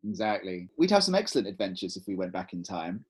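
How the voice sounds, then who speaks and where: A man co-hosting a podcast, chatting casually and spinning animated, rambling stories. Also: low voice, fast talker, breathy edge. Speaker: podcast co-host. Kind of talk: casual chat.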